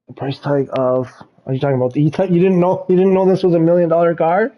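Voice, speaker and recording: A man's voice: a little high, fairly even intonation, fast. A man streaming a racing game live, chatting loosely with viewers and laughing often. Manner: rambling, laughs often, talks to chat. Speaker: livestreamer playing a racing game. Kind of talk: casual live gameplay commentary. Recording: dull lo-fi stream audio.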